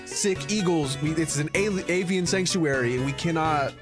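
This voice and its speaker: A man's voice: a little high, moderate pace, music in the background. A man in a comedy clip, rambling and laughing as he jokes. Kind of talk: comedic bit in his clips.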